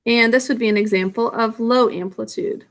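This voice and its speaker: A woman teacher walks her students through a science lesson in a recorded video. She explains patiently and step by step, pausing on small fillers, in a voice sitting a little higher than most women's. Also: steady tone.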